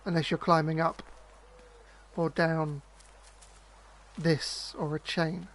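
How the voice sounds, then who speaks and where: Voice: medium pitch, flat delivery, slow pace. Sleepy streamer rambling hesitantly. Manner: hesitant and rambling, often restarting. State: sleepy, yawning. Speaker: streamer playing a puzzle game. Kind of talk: casual let's-play commentary.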